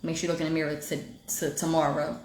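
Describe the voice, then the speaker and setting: A woman's voice: low-pitched, level tone, fast talker, darkish tone, echoey room, slight background noise. A woman with an African American Vernacular English accent, hosting a livestream and preaching about self-healing in a direct, emphatic way. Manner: direct, preachy and emphatic, talks straight to viewers. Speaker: livestream host giving spiritual motivation. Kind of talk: casual livestream talk. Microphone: phone livestream.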